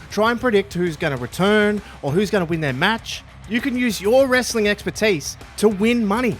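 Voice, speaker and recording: A man narrating a scripted story in an upbeat, energetic way. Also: sits high. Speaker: YouTube storyteller.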